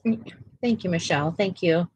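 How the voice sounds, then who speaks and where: A woman's voice: on the low side, normal speed, slightly rough, highs cut off. A woman hosting a coloring livestream, chatting casually and talking to her viewers in the chat as she colors. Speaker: livestream host.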